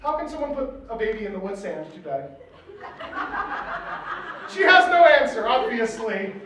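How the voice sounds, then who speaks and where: A man's voice: very high-pitched, very animated, moderate pace, heavy background noise. A man hosting a comedy panel, reading bad fanfiction aloud in mocking dramatic voices and giggling often. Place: convention panel room with audience. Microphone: distant mic in a hall. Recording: echoey hall, far from mic, crowd audible.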